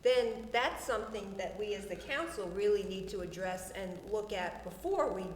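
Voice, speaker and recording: A woman's voice: mid-range voice, lively intonation, moderate pace. A woman on the council answers a resident's concern, thoughtful and hedging. She often restarts her sentences. The room is echoey, with a long reverb and a faint hum. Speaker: council member chairing. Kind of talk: public meeting discussion. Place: town meeting room.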